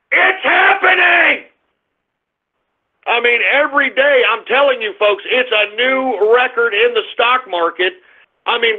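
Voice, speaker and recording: A man hosting a talk radio show, brash and profane, swinging from loud shouts to low mutters. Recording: phone-like narrow band.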